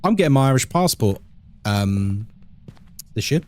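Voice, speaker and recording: Lively man streaming. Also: mid-range voice, unhurried. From England. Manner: chatty, reads chat aloud, laughs often. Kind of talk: live gaming stream chat.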